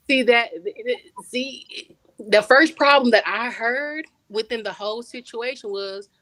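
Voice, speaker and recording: A woman guest author chatting casually on a podcast, telling stories in relaxed slang and repeating words for emphasis. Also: fairly high pitch, slow pace, pauses often, no room sound, low-quality recording. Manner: storytelling, conversational slang.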